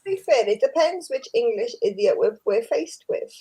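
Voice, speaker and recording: A woman's voice: fairly high pitch, animated, normal speed, over a noisy crowd. A woman chatting casually on a livestream with dry, teasing banter. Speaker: co-host on livestream.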